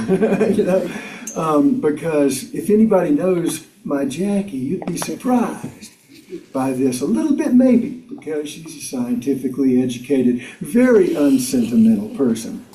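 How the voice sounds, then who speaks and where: This older guest speaker from South Carolina has a slightly high, warm, expressive voice and talks a little slowly. He tells a congregation personal stories with self-deprecating wit, chuckling and using fillers, his voice distant in a roomy community meeting hall.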